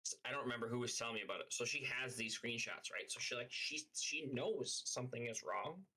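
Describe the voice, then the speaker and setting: Bright-voiced man venting on stream. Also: mid-range voice, brisk, low-quality recording. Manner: heated, profane venting with many fillers. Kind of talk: casual livestream rant.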